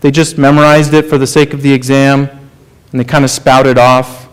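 A man preaching a sermon, earnest and questioning, often dropping to a soft, low delivery for emphasis. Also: little pitch movement, normal speed, smooth.

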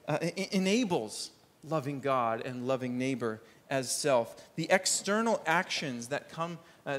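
A man preaching a sermon, earnest, lifting his voice for emphasis and dropping low to press his points home.

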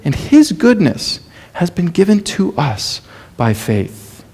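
A man preaching a sermon, earnest and questioning, often dropping to a soft, low delivery for emphasis. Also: wildly swooping pitch, takes it slowly, creaky.

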